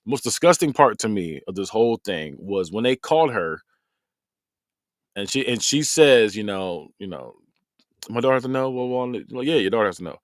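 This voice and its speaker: A man hosting a podcast, giving a rambling, animated review of a documentary he has just finished. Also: fairly low pitch, normal speed, dry recording, clean studio sound. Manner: rambling, animated, repeats himself. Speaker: podcast host.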